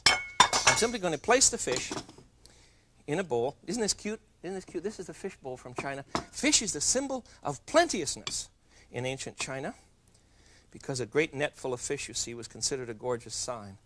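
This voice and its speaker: Man, TV cooking host, chatty, joking asides, lively pitch, faint background noise. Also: normal speed. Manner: chatty, playful, jokes with viewers. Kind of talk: TV cooking demonstration.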